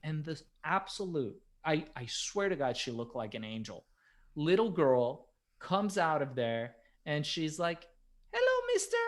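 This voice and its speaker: A middle-aged man co-hosting a podcast, telling a story in casual chat that swings from hushed to loud. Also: medium pitch. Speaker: podcast co-host.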